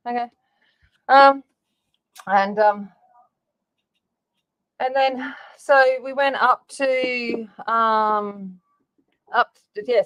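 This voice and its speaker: A woman's voice: on the high side, muffled recording. A woman hosting a livestream from her home craft room, chatting casually with lots of fillers and sounding a little out of breath. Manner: chatty, rambling, with many fillers. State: slightly out of breath. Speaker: livestream host.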